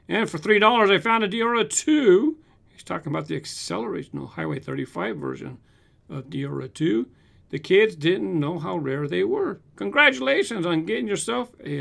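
Gravelly, high-voiced man chatting casually. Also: fairly bright tone. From United States. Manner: reads comments aloud, chatty with restarts and fillers. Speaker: host answering viewer comments. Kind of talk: casual chat.

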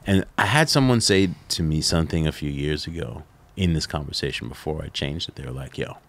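A middle-aged man, a podcast guest, telling stories in a casual interview, animated and laughing, with lots of "like" fillers. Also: rumbling low, brisk.

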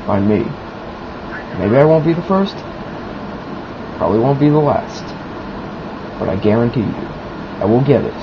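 A young man giving casual, mock-serious commentary over his own video game play. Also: medium pitch. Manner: mock-serious, then loud and giddy. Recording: lo-fi, noisy home recording.

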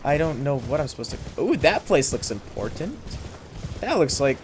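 At normal speed, a young streamer chats excitedly through his game, speaking to the characters and letting out sudden high yelps of surprise. Background noise and game music sit under this let's play commentary.

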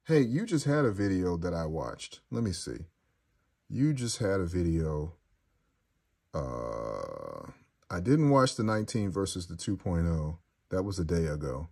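A deep-voiced man hosting a loose, casual chat and reading out comments from his viewers. His talk is crude and joking, and it rambles from one thing to the next. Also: big pitch swings, unhurried, creaky, a little mellow, husky.

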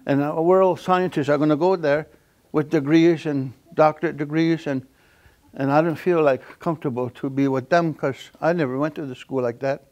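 Older man telling stories, slightly high voice. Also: fairly even intonation, darkish tone. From Akwesasne Mohawk community. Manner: halting, repetitive delivery with many fillers; chuckles while telling stories. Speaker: elder giving a lecture. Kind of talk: storytelling lecture.

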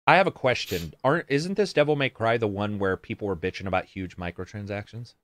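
A man's voice: lowish voice, fairly quick, fairly bright tone, dry recording, clean studio sound. A man co-hosting a casual gaming chat show, reading viewer comments aloud and answering in a rambling, sarcastic way with plenty of swearing.

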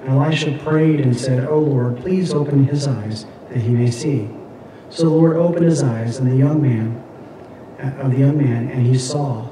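A man's voice: mid-range voice, dark tone, a little hiss or hum. A man teaching a Bible class, lecturing and reading scripture aloud, with many fillers and restarts. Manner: halting, frequent fillers and restarts. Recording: echoey room, mic at a distance.

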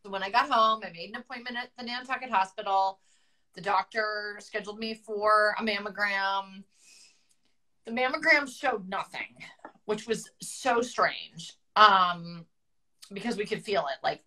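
Bright-voiced chatty woman telling her story. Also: mid-range voice, rough recording. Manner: chatty, emotional, restarts often. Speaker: guest author. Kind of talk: candid personal storytelling.

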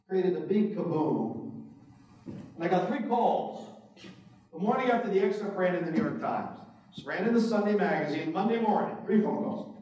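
A man giving a public talk as an author, telling anecdotes in a lively way and acting out what other people said. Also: fairly high pitch, dull audio. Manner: animated anecdotes with quoted voices. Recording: very echoey hall from a distance.

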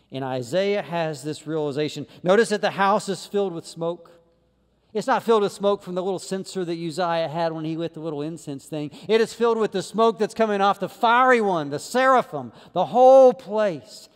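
A man preaching a sermon as pastor, swinging between loud emphatic lines and low quiet ones. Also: big-room sound. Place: church sanctuary.

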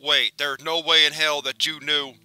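A man's voice: a little high, flat delivery, normal speed, pushed and bright, clean tone, no echo, rough recording. Man doing a menacing paranoid cartoon pelican. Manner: defensive, demanding and threatening.

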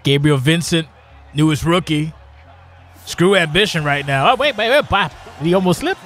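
A man with a high voice calls a wrestling video game match as it unfolds. He is animated and jokey, shouting at the big moves, while game music plays clearly behind him. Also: normal speed. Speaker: live stream host and wrestling game commentator. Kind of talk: excitable play-by-play game commentary.

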